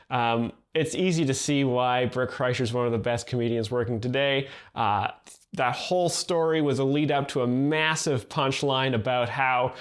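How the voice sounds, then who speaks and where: A man explaining jokes in a flat, deadpan way, hesitating with ums and uhs. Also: medium pitch, clean tone. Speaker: joke explainer host.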